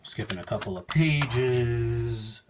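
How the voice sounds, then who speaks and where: A man's voice: medium pitch, takes it slowly, noisy background. A man casually reviewing a comic book, reading and paraphrasing panels aloud in a rambling, self-interrupting way, recorded on his phone.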